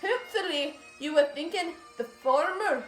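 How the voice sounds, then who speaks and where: A woman hosting a home family history show while putting on a playful mock Scottish accent. Her voice sits high and bright in pitch. The room echoes around her, and faint bagpipe music plays underneath. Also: expressive, normal speed. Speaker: co-host. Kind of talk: casual family history presentation.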